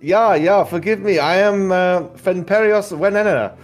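A man's voice: high-pitched, normal speed, music in the background, pitched above the performer's own voice, natural voice. A man voicing a proud male elf border guard with a stern, commanding manner. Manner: stern, commanding, tries a German accent.

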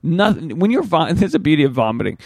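A man in his thirties hosting a solo podcast, rambling crude stories in a loose, animated way with sudden jumps up in pitch. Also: quick pace, gravelly, breathy edge, no room sound, clean studio sound. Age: 30s. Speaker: podcast host.

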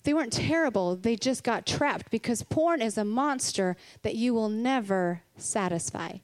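A woman's voice: fairly high pitch, expressive, moderate pace. A woman giving a candid, conversational Christian sermon, earnest and personal, with laughs between her points. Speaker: Christian speaker.

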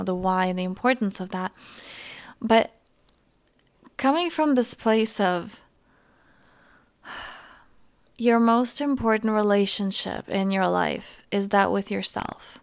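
A woman in her thirties hosting a podcast as a coach, talking gently and earnestly in a casual self-help monologue. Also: medium pitch, gravelly, clear, resonant tone, no echo. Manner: gentle, earnest, talks through examples.

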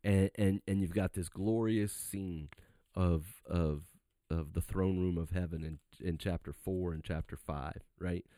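A man's voice: low voice, steady tone, unhurried, dark tone, dry recording, studio quality. A man, a pastor, explaining scripture in earnest conversation and rising to fervent emphasis. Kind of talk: conversational Bible study.

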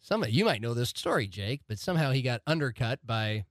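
A man's voice: mid-range voice, big pitch swings, brisk, dry recording. A male sports radio host with an ordinary mid-range voice, recorded dry and close in a studio. He chats casually, restarts his sentences and trails off as he goes. The delivery is conversational and unpolished. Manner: chatty, fills in facts, trails off mid-sentence. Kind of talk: casual podcast chat. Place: podcast studio.

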